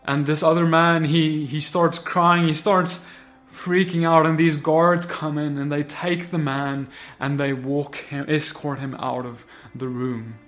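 A man preaches a sermon, recounting a vision and pressing his listeners with repeated, impassioned appeals. His voice sits somewhat high for a man. Quiet music runs under him. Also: little pitch movement, unhurried, hardly any pauses. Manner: impassioned, repetitive exhortation that swells loud.

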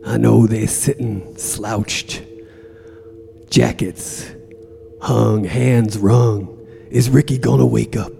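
A man's voice: on the low side, steady tone, slow, vocal fry, long pauses, dark tone, soft background music. A man playing a profane, melodramatic mobster-type in a coma who broods and snarls in an improvised comedy bit. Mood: brooding. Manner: brooding, foul-mouthed, melodramatic.

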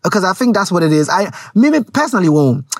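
A woman with a Ghanaian accent talks frankly to her viewers in a loose, rambling commentary and mixes Twi words into her English. Her mid-height voice swings widely in pitch. The sound is dry and close to the mic. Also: very animated, quick pace, husky, dry recording. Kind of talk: casual commentary to camera.

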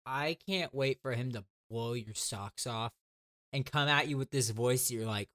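Excitable man in casual chat, mid voice. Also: medium pitch, unhurried, no echo, studio quality. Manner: excitable, laughs a lot, swears casually. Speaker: podcast co-host.

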